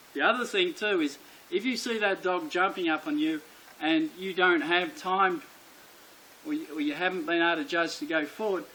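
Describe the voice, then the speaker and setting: A man's voice: fairly high pitch, bright, forceful tone, a little hiss or hum, rough recording. A man teaching dog training, speaking bluntly and emphatically and repeating his key points. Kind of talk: instructional explanation to camera.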